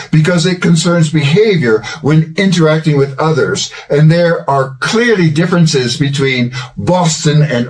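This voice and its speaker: Older man, language-learning host, scripted lesson, measured, fairly high voice. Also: recorded from a distance, low-quality recording. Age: 60s or older. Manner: measured, explanatory delivery. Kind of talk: scripted educational talk.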